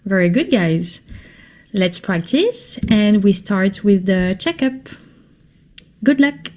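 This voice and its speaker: A woman teaching a French lesson in English, speaking slowly and patiently and repeating phrases for her learners. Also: medium pitch, expressive, a little mellow. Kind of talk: slow classroom lesson.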